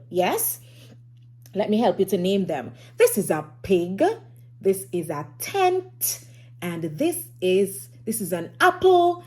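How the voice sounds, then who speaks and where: A woman leads a phonics lesson for small children at a slow, careful pace. Her pitch swoops up and down in a lively sing-song, and now and then she hushes to a whisper. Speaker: teacher.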